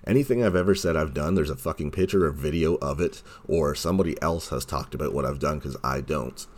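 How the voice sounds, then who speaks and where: A man's voice: very deep voice, brisk. A man hosting his own podcast, delivering a heated, sarcastic monologue full of swearing and mocking quotes. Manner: heated, sarcastic, heavy swearing, mocks others in quoted voices. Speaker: podcast host. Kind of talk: profane ranting monologue.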